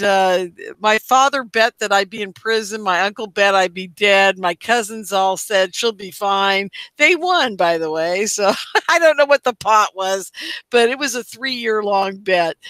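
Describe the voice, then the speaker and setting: A woman guest telling a lively personal story in conversation, acting out the quotes. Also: medium pitch, dry recording. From Portland, Oregon. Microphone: studio mic.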